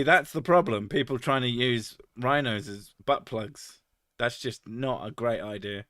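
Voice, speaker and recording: A man's voice: medium pitch, a bit bright, no echo. Sweary man streaming, dry sound. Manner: sweary, crude joking, laughs often. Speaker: streamer reading chat. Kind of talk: casual live-stream chat.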